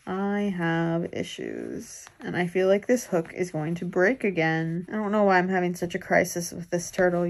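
A young woman vlogging casually while she crochets, thinking aloud and teasing herself in a rambling way. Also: lowish voice.

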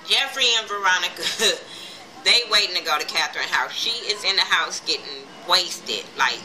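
A woman recapping a TV episode in a casual, profane, animated way, acting out the characters' lines as she retells them. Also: fairly low pitch, noisy background. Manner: blunt, profane, animated retelling with quoted voices. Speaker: TV episode reviewer.

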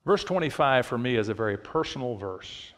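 Man, middle-aged pastor, sermon, storytelling with emphatic surges, average pitch, long church reverb. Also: expressive, fairly quick. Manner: storytelling, swells to emphatic shouted peaks. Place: church sanctuary.

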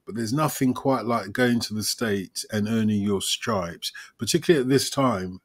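A man hosting a conversation, telling stories in a lively, opinionated way. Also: on the low side, moderate pace. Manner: storytelling, animated and opinionated. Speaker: host. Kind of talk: casual chat.

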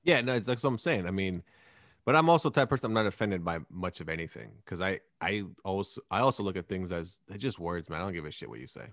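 A man's voice: low voice, expressive, fast talker, fairly bright tone, no echo, clean studio sound. A man in his thirties hosting a podcast, talking in a blunt, rambling, profane way. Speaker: podcast host. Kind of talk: casual podcast chat.

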